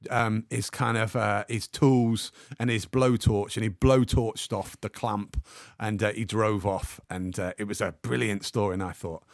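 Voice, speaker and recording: A man telling a comic anecdote as a podcast guest, acting out the people in his story with lively energy. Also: on the low side, a little slow, vocal fry, few pauses, no room sound, studio quality. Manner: animated storyteller, acts out the other people in the story.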